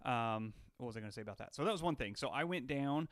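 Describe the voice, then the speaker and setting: A young man from Alaska chats casually on a live stream, joking and greeting viewers by name. His voice sits in an ordinary middle pitch. The sound is dry and close, with no room around it. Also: expressive, quick pace, fairly bright tone, no room sound. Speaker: livestream host. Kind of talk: casual livestream chat. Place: on his home deck.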